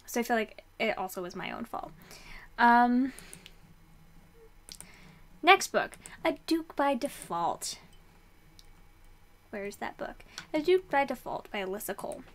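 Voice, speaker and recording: A woman's voice: on the high side, big pitch swings, measured pace, pauses often. Chatty young woman reviewing books. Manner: chatty, rambling, lots of fillers and restarts. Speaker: book vlogger. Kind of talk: casual book review chat.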